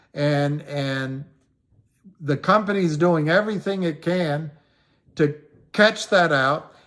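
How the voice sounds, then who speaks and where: A man's voice: on the high side, a bit bright. A middle-aged man hosting a casual livestream, rambling and repeating himself for emphasis, his voice climbing when he gets worked up. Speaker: livestream host talking stocks. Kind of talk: casual livestream talk answering viewers.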